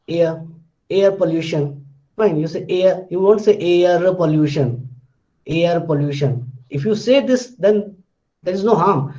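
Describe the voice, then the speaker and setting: A man talks through a pronunciation lesson and says sample words slowly again and again. His voice sits high but sounds dark and mellow. The recording is muffled and lo-fi. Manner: explanatory, repeats words slowly for students. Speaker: teacher.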